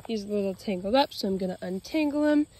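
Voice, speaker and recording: A woman dog trainer explaining leash walking while praising her dog in a bright, high voice outdoors. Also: animated, quick pace, a little hiss or hum. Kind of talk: narrating a leash-training demo.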